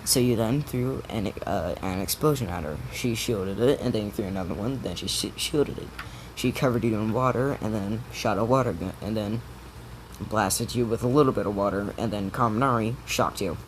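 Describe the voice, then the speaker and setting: A firm, fair female teacher, played by a man retelling a story who scolds a boy in a steady, lecturing way. She sits a little lower and quieter than the storyteller's normal voice. Constant vehicle noise hums in the background. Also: normal speed, close to an everyday voice, poor audio. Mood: stern.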